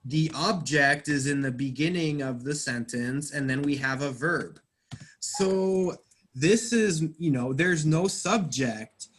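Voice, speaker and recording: A man's voice: a little high, lively intonation, slow, fairly bright tone. A man teaching an English grammar class, explaining patiently step by step and quizzing his students.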